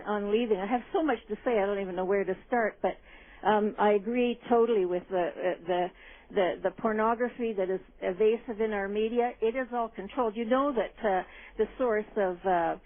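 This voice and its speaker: A woman calling in to a radio show, talking in a rambling, indignant way and often agreeing with "absolutely". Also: medium pitch. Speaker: caller. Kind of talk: call-in radio chat. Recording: tinny phone line.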